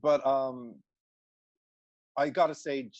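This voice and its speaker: A man's voice: medium pitch, fairly even intonation, slow, darkish tone, muffled recording. A man co-hosting a casual movie discussion, thoughtful and analytical, often restarting his sentences. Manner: thoughtful, analytical, self-correcting. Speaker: podcast co-host.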